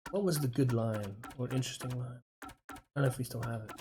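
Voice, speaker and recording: A man's voice: mid-range voice, brisk, noisy background. A man from Dorset with an English accent, chatting casually and rambling with lots of fillers while streaming a game. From England, Dorset. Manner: rambling, chatty, self-interrupting with many fillers.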